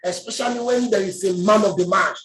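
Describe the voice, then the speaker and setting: A woman's voice: medium pitch, soft background music. Woman preacher, stretches her words out, lots of hallelujahs, roomy echo. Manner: emphatic, drawn-out words, call and response. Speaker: pastor. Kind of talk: preaching a sermon in dialogue. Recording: echoey room.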